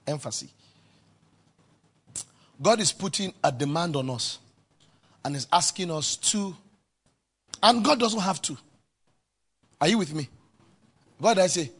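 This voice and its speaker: A man's voice: a little high, husky. A man preaching a sermon as pastor, emphatic and calling out to the congregation for responses.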